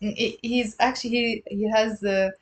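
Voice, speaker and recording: A woman's voice: fairly high pitch, fairly even intonation, moderate pace. Lebanese woman, language teacher on a livestream, patient, repeats words, friendly with viewers. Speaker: Arabic teacher. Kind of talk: live online language lesson.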